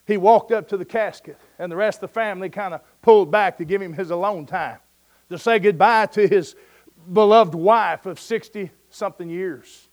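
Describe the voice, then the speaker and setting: A man preaching a sermon, telling a story in a folksy, conversational way and dropping to a soft hush at the moving points. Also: high-pitched.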